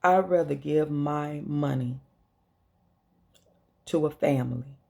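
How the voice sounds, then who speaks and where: A middle-aged Chicago woman with a Chicago accent vlogs directly to her viewers in an emotional monologue to camera. She is slow, earnest, and blunt, with profanity, and her voice is deep, gravelly, and darkish.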